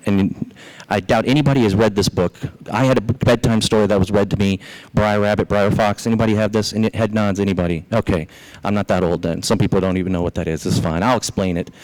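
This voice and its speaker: A male pastor with a Southern US accent preaching a sermon, telling a story in an animated way and speaking directly to the congregation. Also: fairly low pitch, brisk, low-quality recording.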